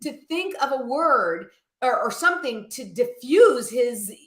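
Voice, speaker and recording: Animated woman telling a story. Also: on the high side, a little slow. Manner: animated storyteller, acts out quoted voices. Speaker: guest. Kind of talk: casual storytelling in a live chat. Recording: echoey room.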